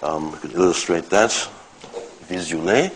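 A man giving an academic lecture, explaining step by step in short phrases with pauses. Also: deep voice, heavy background noise.

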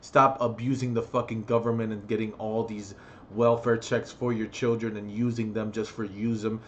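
A man's voice: lowish voice, little pitch movement, moderate pace, dull audio, slight background noise. A man on a profane, heated rant. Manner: heated, profane ranting with loud outbursts. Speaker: vlogger. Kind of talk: ranting vlog monologue.

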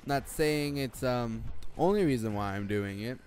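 A man's voice: medium pitch, a little slow, darkish tone, a little hiss or hum. A teenage boy giving rambling, jokey gameplay commentary late at night, swearing and jumping between topics. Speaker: gaming commentator.

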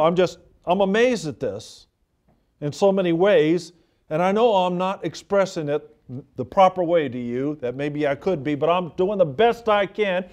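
A man's voice: on the high side, expressive, moderate pace, a little mellow, muffled recording. A male pastor delivering a sermon in a fervent, conversational way, repeating key points for emphasis.

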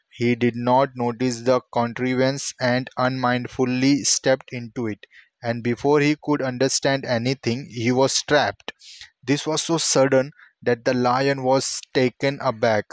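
A man reading a fable aloud for English learners, in a slow and careful manner. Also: medium pitch, dry recording.

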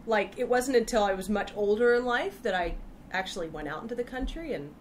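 A woman's voice: fairly high pitch, animated, brisk, a little hiss or hum. A woman from Texas, a podcast guest chatting casually and telling playful stories with frequent laughter. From Texas, USA. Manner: laughs often, playful storytelling. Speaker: podcast guest, freelance writer. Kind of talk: casual conversation.

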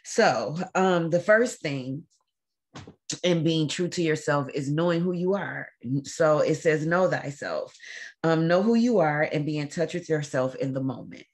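A woman hosting a faith-based talk to camera, speaking earnestly and haltingly, often pausing with "um" as she holds back tears. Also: sits low. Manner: earnest, emotional, halting with frequent ums. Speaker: show host.

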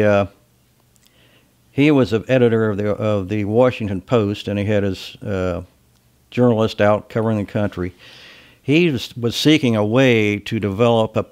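A man's voice: on the low side, darkish tone. A man from Ohio with a slight Southern drawl, giving a casual lecture on sales in a blunt, folksy, salty way. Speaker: sales trainer.

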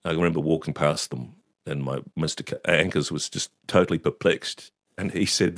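A man with an Australian accent, a guest telling stories in an interview with lively, laughing delivery. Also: rumbling low, moderate pace, no room sound, studio quality. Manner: animated anecdote-telling with laughs. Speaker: actor and author guest. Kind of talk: storytelling interview.

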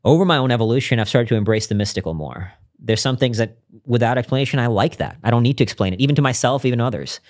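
A man's voice: medium pitch, expressive, racing, few pauses. A man speaking as a podcast guest, telling a personal story in an earnest, reflective way with frequent restarts.

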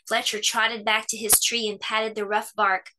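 A woman hosting children's story time, reading a picture book aloud with expressive, animated storytelling. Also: on the high side, normal speed, a little hiss or hum.

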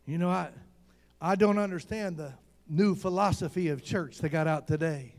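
A man preaching a fervent sermon, calling out to the congregation and often shouting. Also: high-pitched, expressive, normal speed. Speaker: pastor.

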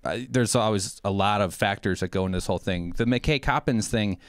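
A man in the co-host's chair talks through a political question in a measured, analytical way, often pausing and restarting. His voice is fairly low. The sound is dry and close. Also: smooth, no room sound. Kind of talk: political discussion.

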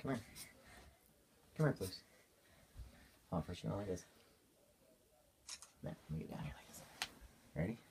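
Brief: father giving a bedtime talk to his kid, loud and teasing, animated pitch, recorded on a phone. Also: moderate pace, creaky, pauses often, slight background noise. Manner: loud, teasing, ends lines with 'okay?'. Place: home, at bedtime.

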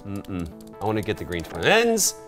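A man chatting loosely as he plays a retro video game with a friend. He slips into silly bits, and his pitch swings widely. Soft game music runs underneath. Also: huge pitch swings, normal speed. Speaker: voice actor playing a video game. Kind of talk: casual gameplay banter.

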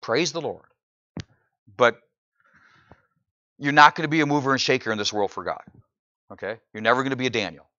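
A pastor preaching a sermon in church, often asking the congregation "right?" and building to loud, incredulous exclamations. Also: male voice, medium pitch, brisk, long pauses, no echo, dull audio. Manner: animated preaching, frequent "right?" asides to the congregation.

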